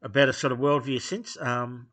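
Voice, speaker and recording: A man talking off the cuff in a blunt, dismissive way, pausing often with fillers as he gives his opinions to camera. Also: medium pitch, little pitch movement, fairly bright tone. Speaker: video host giving opinions. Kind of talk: unscripted opinion monologue.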